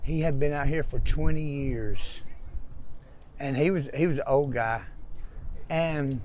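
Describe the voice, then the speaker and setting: A man's voice: fairly high pitch, unhurried, darkish tone, a little hiss or hum. An American man telling his own story in a park, rambling and repeating words as he goes. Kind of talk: casual storytelling. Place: outdoors in a park.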